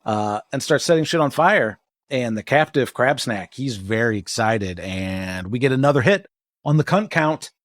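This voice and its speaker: A man's voice: mid-range voice, expressive, moderate pace, no room sound, studio quality. A man co-hosting a podcast, recapping a TV episode in casual, rambling chat with jokes and swearing. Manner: rambling, jokey, swears and laughs often. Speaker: podcast co-host.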